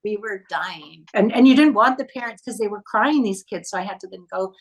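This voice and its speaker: A woman's voice: mid-range voice, brisk, over a noisy crowd, poor audio. A woman film director, a guest on an interview show, telling anecdotes from a film set and acting out the lines of the people she quotes. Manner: animated, acts out quoted dialogue. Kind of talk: casual interview storytelling.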